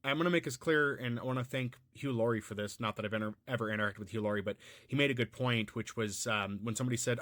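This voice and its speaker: An American man offers unscripted, rambling commentary, musing aloud with frequent fillers and restarted sentences. His mid-range voice is fast and fairly bright, captured in a dry recording.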